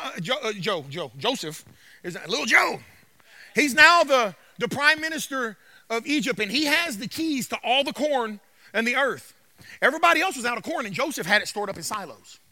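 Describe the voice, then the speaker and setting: A man's voice: very high-pitched, sharp tone, no echo. A male pastor preaching a sermon with emphatic repetition, asking "Amen?" as he goes.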